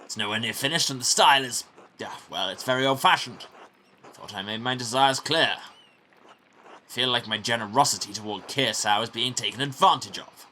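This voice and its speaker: A man's voice: mid-range voice, normal speed, pushed and bright, slight background noise, pitched above the performer's own voice, close to an everyday voice. A man voicing a pompous middle-aged baron who demands more from the people working for him. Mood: haughty. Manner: haughty, demanding.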